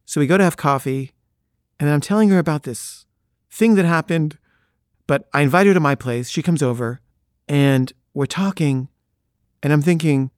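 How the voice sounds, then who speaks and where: A man's voice: a little high, normal speed, darkish tone, no echo, clean studio sound. A middle-aged man from the Los Angeles area telling a personal story in a conversational way, acting out the people he quotes. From Los Angeles, the San Fernando Valley. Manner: conversational, acts out quoted voices.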